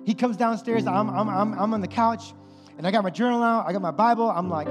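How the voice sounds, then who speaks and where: A pastor in his thirties, his voice sitting high and brisk, preaches conversationally to parents and keeps repeating phrases. The recording carries loud music underneath and long hall reverb.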